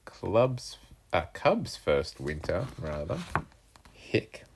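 A woman reading picture books aloud to her young child at home in a playful, animated way. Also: a bass voice, extremely slow, noisy background.

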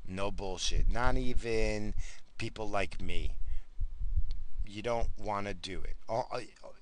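Profane, ranting man with a low voice. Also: slow, fairly bright tone, slight background noise, rough recording. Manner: profane, blunt, repetitive; heated, frequently apologizing. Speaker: vlogger. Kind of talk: casual rant to camera.

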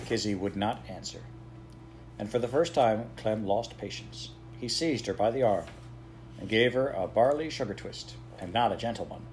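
A man narrating a children's novel as an audiobook. His voice sits fairly low, and he keeps a measured, even storytelling pace. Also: a little hiss or hum. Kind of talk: audiobook reading.

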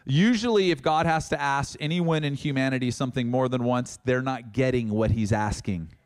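With medium pitch and a moderate pace, a man preaches as pastor, reading from scripture and animatedly performing dialogue.

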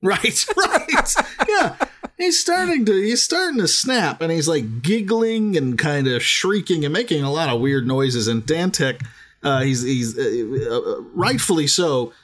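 A man co-hosting a casual book podcast, retelling scenes between laughs and dropping into quick silly voices for the characters. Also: fairly high pitch, expressive, a bit bright. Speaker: podcast co-host.

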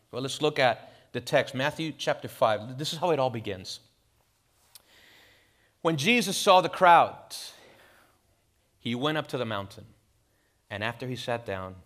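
A man preaching a sermon in a lively, animated way, with rhetorical questions and casual asides. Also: medium pitch. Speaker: pastor. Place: church in Miami.

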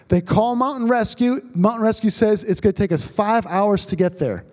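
Male pastor, high-pitched voice, dramatic sermon storyteller who drops to a hush for tension. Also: moderate pace, few pauses. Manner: dramatic storytelling, drops to hushed tones at tense moments.

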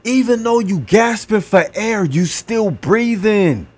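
Slow breathy man coaching breathing. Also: high voice, lively intonation, darkish tone. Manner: slow, encouraging, repeats phrases. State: gasping for air at times. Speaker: podcast host. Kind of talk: motivational talk with breathing exercise.

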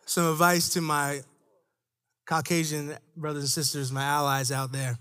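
This is a young church staff member preaching in an animated, chatty way, lowering his voice for asides and lifting it to stress key points. His speed is normal, with a little background noise in the recording.

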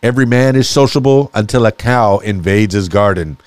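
A man's voice: lowish voice, brisk, darkish tone, no room sound. A man hosting a casual solo podcast, reading sayings aloud and musing on them with small chuckles and restarts. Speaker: podcast host.

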